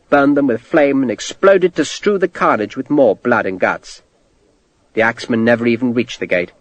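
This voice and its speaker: A man reading a war novel aloud, his pitch rising and falling vividly through the action. The recording is dry and close, with no echo at all. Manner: expressive storytelling delivery. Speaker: audiobook narrator. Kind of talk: scripted narration.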